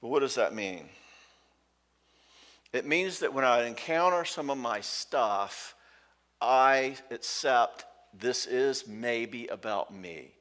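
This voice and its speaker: A man's mid-range, slightly bright voice moves slowly and expressively through a conversational marriage-conference talk. Acting out quoted dialogue and checking in with his audience, he speaks in a church hall whose reverb shows in the recording.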